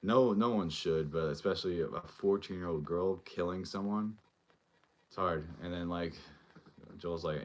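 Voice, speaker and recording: A man's voice: low voice, normal speed. A male show host giving a casual, rambling recap and review of a TV episode, full of fillers as he retells scenes.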